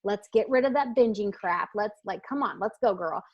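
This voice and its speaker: A woman's voice: medium pitch, lively intonation, moderate pace, highs cut off. A woman weight-loss coach answering interview questions in a casual, earnest, emphatic way, with frequent fillers and restarts.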